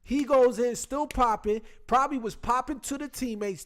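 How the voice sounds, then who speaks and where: Man, fairly high voice, animated, slangy, casual sports chat, computer mic. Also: moderate pace, few pauses.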